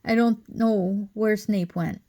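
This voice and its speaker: A woman's voice: on the high side, animated, moderate pace, darkish tone, voice pushed up. A woman reading as an anxious, clever schoolgirl who speaks in a distressed, pleading way.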